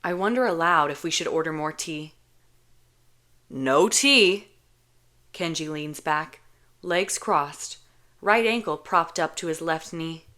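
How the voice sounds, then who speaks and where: Woman narrating a novel, slow pace, low-ish pitch, bright tone. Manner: calm, slow, measured. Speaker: audiobook reader. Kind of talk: first-person novel narration.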